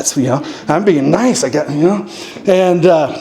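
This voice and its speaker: A man's voice: normal speed, creaky. A man from Montana telling a comic story at a live show, acting out what people said in sudden raised voices. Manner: animated, acts out quotes with sudden high-pitched voices. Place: distillery stage before a live audience.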